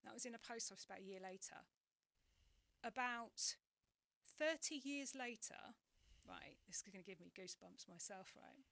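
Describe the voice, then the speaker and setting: A woman's voice: mid-range voice, normal speed, vocal fry, no echo. A woman in her forties with an English accent, a podcast guest telling a personal story in candid conversation and acting out the exchanges she remembers. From England. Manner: animated, acts out remembered exchanges, restarts often.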